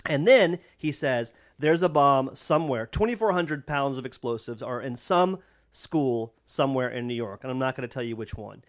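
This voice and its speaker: A man's voice: medium pitch, lively intonation, moderate pace. A man co-hosting a podcast, casually recapping a movie plot with laughs and the odd swear word. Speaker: podcast co-host. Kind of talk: casual chat recapping a film.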